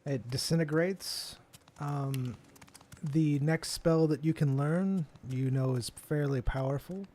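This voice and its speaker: Easygoing male game master, higher voice. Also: takes it slowly, warm tone. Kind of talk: running a tabletop game over voice chat.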